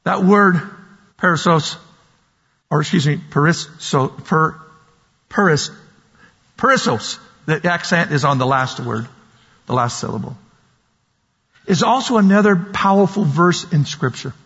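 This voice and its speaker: Male preacher, high husky voice, slow emphatic delivery, long hall reverb, dull recording. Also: animated, fairly bright tone. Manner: slow, emphatic, repeating key words. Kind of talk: sermon.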